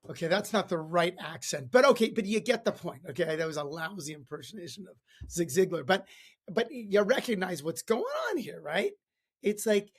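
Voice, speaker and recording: Gravelly, husky-voiced male podcast host. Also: high voice, lively intonation, brisk. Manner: chatty, many fillers and restarts, storytelling. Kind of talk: casual motivational talk.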